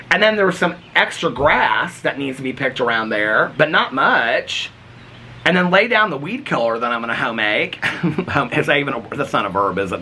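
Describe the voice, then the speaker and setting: Sassy gossiping man, bright lively voice. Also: slight background noise. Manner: sassy, gossipy, laughs often, mimics others in higher voice. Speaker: vlogger. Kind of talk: casual storytelling vlog.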